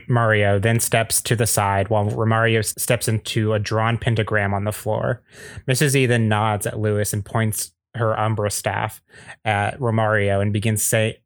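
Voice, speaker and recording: A man narrating stage directions in a steady, plain read with small slips, at a table read. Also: lowish voice, no room sound, clean studio sound.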